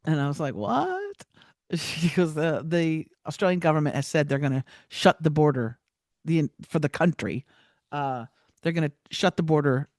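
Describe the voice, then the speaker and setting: A woman telling a personal story as a podcast guest, animated, with many restarts and acted-out quotes. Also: low-pitched, normal speed, no room sound, clean studio sound.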